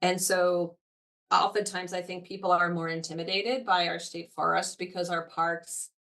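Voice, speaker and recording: An eager, talkative woman with a somewhat low voice speaks as a guest in a podcast conversation. She sits a little back from the microphone, so her voice sounds set at a slight distance. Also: flat delivery, normal speed, vocal fry, a bit bright. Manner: eager, talkative, frequent fillers. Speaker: parks foundation representative, guest.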